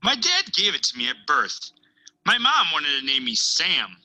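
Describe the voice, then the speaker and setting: Very bright, lively woman reading aloud. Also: deep voice, low-quality recording. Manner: expressive storytelling with dramatic pauses and hushed asides. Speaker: teacher. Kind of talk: reading a picture book aloud.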